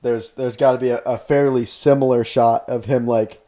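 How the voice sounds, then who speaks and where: A man riffing on a podcast, talking in loose, rambling chat that is packed with "like" and quick restarts. He laughs often and keeps building on his own ideas. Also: mid-range voice, fairly even intonation, mellow. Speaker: podcast co-host. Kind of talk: casual chat.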